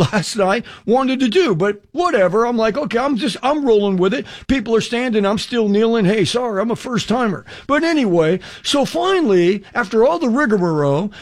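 Animated older man preaching on radio. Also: very high-pitched. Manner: animated storyteller acting out dialogue; talks straight to the listener with direct questions. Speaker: evangelist. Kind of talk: radio testimony sermon.

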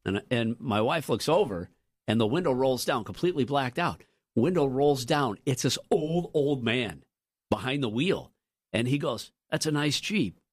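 Animated male radio co-host telling stories. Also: moderate pace, husky. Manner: animated, jumps up in pitch for quoted lines. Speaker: radio morning show co-host. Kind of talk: casual storytelling chat. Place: radio studio.

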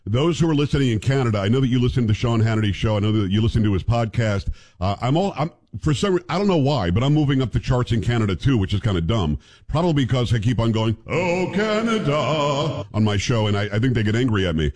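A man's voice: medium pitch, animated, quick pace, darkish tone. A man hosting a radio talk show, chatting casually with a joking, opinionated manner and a neutral American accent with a hint of New York.

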